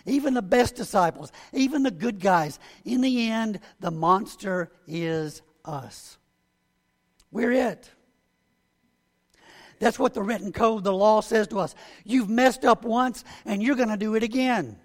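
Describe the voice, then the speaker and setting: A man preaching a sermon as a pastor, earnest and building to emphatic points. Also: high voice. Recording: long hall reverb.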